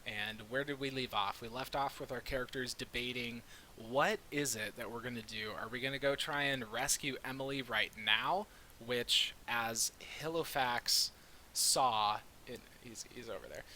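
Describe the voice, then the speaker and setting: Man, tabletop player, playful, bright voice, light hiss. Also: mid-range voice, moderate pace, poor audio. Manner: playful, laughs often. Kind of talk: tabletop game chat.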